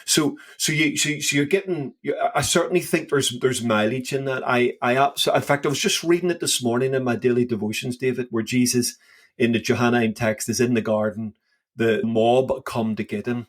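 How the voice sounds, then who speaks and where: A man's voice: mid-range voice, brisk. A man co-hosting a podcast, talking through a Bible passage with enthusiasm and often repeating words as he thinks aloud. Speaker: podcast co-host. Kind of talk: casual Bible discussion.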